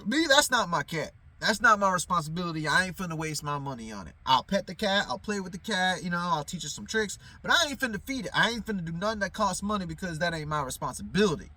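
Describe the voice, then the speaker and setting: Man, high voice, casual vlog rant from a parked car, swears a lot, rambles. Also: big pitch swings, fast talker, few pauses, pushed and bright. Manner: profane, heated, rambling with many fillers. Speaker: vlogger. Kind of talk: casual storytelling to camera. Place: inside a parked car at night.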